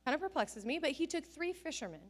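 A woman's voice: high-pitched, fast. A middle-aged woman pastor giving a sermon, telling family stories and acting out the people she quotes. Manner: animated storytelling, acts out family scenes and quotes with bursts of laughter.

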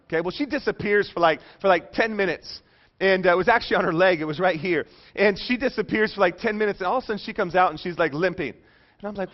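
A man's voice: high-pitched, quick pace, dull audio. A man in his thirties preaching a sermon in a conversational, joking way, often checking in with his listeners. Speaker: pastor.

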